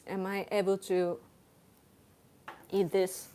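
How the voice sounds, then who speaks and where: A woman's voice: mid-range voice, flat delivery, warm tone. A woman live streaming from home on a tablet, chatting casually with viewers in a playful, giggly way. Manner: playful and giggly, quick to laugh.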